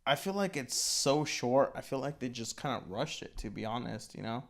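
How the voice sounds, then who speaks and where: A man's voice: medium pitch, lively intonation, moderate pace, vocal fry. A young man co-hosting an album review show, rambling casually with constant "like" and "you know". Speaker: album review podcast co-host. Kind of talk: casual chat.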